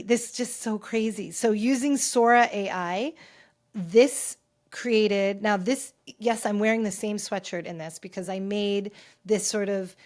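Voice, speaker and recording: A woman hosting a pop culture podcast, talking candidly and rambling through her thoughts with frequent restarts. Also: mid-range voice. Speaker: podcast host. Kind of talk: casual pop culture chat. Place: home filming set.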